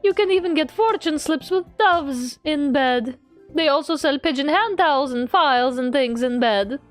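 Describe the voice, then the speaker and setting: High, lively woman streamer reading game text. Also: moderate pace, soft background music. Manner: playful, adds a running joke to every line. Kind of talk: reading game text aloud with jokey commentary.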